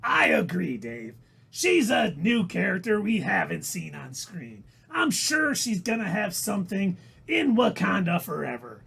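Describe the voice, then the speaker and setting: Man doing a screechy, gravelly comic impression; high and husky, livestream co-host. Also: very animated, a bit bright, exaggerated voice. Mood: teasing. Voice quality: screechy, raspy and strained. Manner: exaggerated comic whine, drawn-out delivery. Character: shrill, grating middle-aged male comedian impression. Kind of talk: livestream chat.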